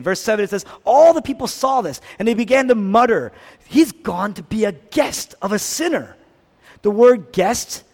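High-voiced male preacher in a reverberant hall. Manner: emphatic, swings between hushed and loud, repeats phrases. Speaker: pastor. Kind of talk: sermon.

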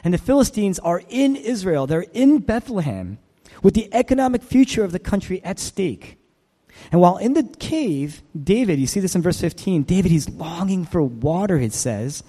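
A man's voice: high voice, sing-song, normal speed, mellow. Man preaching in a reverberant hall. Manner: emphatic, repeats phrases, asks rhetorical questions. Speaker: pastor. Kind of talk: sermon.

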